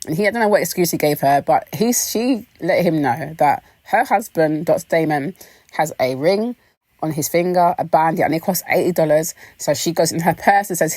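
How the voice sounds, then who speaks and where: A British woman hosting a casual, gossipy recap of a reality show, animated and quick to laugh. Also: no echo. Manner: animated, laughing, expressive pitch jumps.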